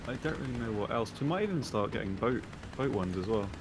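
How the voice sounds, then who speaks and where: A man co-hosting a gaming podcast, speaking hesitantly with many pauses and ums in casual chat. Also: mid-range voice, expressive, background noise. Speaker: podcast co-host.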